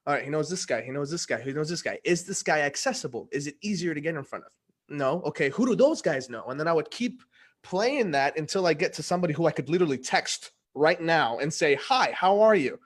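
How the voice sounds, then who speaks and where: Slangy, animated young man. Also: fairly high pitch, fast talker. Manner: slangy, animated, acts out quoted dialogue. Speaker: guest giving a testimonial. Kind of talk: casual storytelling in a conversation.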